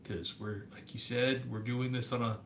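A man's voice: fairly even intonation, normal speed, muffled recording. A man from the American South co-hosting a podcast in casual chat, rambling through his stories with lots of restarts and ums. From Southern United States. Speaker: podcast co-host. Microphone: desk microphone. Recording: echoey room with faint rumble.

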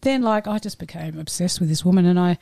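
A woman chatting as a podcast guest and telling an animated story with plenty of laughter. Her voice has a warm, mellow tone. The recording is dry and close, with no room sound. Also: fairly low pitch, fast talker, gravelly, no room sound. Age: adult. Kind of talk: casual storytelling.

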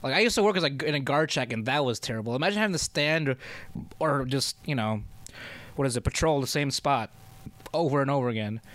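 A man in a relaxed podcast chat, at an ordinary mid pitch. He talks in a loose, rambling way, restarting his sentences, and laughs easily. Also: fast, no echo. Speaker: podcast co-host. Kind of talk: casual chat.

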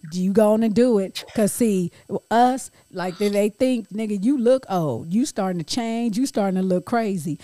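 A woman's voice: mid-range voice, normal speed, mellow, no echo. A woman in her late forties or fifties co-hosting a podcast, giving blunt, profane advice in casual chat. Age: late 40s to 50s. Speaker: podcast co-host.

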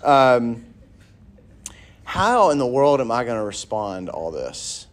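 Man, thirties, campus minister, conversational sermon, animated storytelling. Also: medium pitch, slow.

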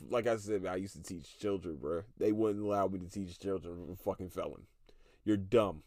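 A man's voice: lowish voice, darkish tone, no room sound, clean studio sound. A man in his thirties hosting a solo podcast, ranting with heavy profanity and breaking into laughter. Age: 30s. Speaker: podcast host.

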